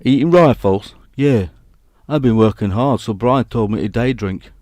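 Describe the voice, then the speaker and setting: A man's voice: medium pitch, moderate pace, darkish tone, dry recording, studio quality. A man chatting casually on a live stream, reading out comments and joking at his own expense. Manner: jokey, laughs at his own attempts at accents.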